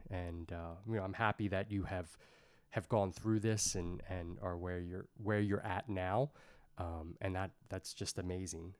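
A man's voice: low-pitched, fairly even intonation, measured pace, darkish tone, clean tone, no echo. A man hosting a faith podcast, reflecting earnestly with frequent restarts. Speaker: podcast host. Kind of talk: faith-based conversation.

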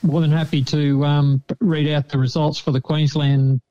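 A man's voice: fairly high pitch, flat delivery, normal speed, mellow. A man calling in to report racing results, hesitant and matter-of-fact. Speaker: pigeon racing correspondent, caller. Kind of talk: reading results by phone. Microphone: phone line. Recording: dull phone line.

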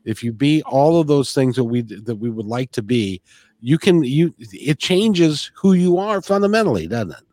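A man's voice: medium pitch, animated, moderate pace, darkish tone, no room sound, clean studio sound. A man hosting a spiritual conversation, earnest, often repeating words as he thinks. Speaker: podcast host.

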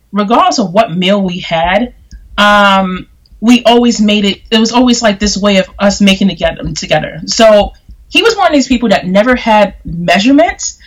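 A chef from New York, a guest on a talk show, telling stories in a lively way and often laughing and acting out quotes. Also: medium pitch, poor audio. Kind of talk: casual storytelling in conversation.

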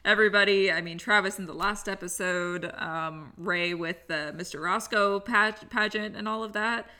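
A woman's voice: mid-range voice, normal speed, bright, forceful tone, a little hiss or hum. A woman co-hosting a podcast, chatting enthusiastically through an episode recap, laughing often and acting out the characters' lines. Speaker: podcast co-host. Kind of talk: casual episode recap chat.

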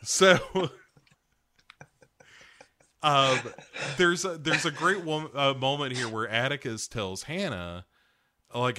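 This is a man co-hosting a loose, casual recap podcast. His voice has a bright, forward ring. He acts out the characters' lines with gusto and swears freely along the way. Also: mid-range voice, slow pace, long pauses. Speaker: podcast co-host recapping a TV episode. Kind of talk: casual chat.

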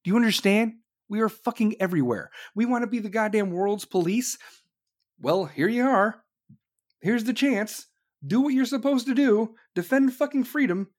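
A man's voice: high-pitched, animated, normal speed, darkish tone. A man from the United States delivering an angry, profane political rant, swearing constantly and throwing in sarcastic mocking asides.

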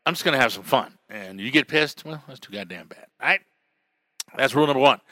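Bright-voiced swearing podcast guy. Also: mid-range voice, lively intonation, brisk, no echo. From Albuquerque, New Mexico. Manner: loud, swearing, drinking beer while talking. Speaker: podcast host, radio DJ and comic. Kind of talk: casual profane podcast monologue.

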